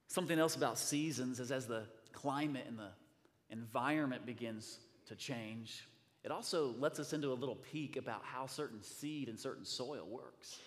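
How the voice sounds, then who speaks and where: Pastor preaching in a reverberant hall. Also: male voice, medium pitch. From US Midwest. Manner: conversational, then builds to fervent preaching. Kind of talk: sermon.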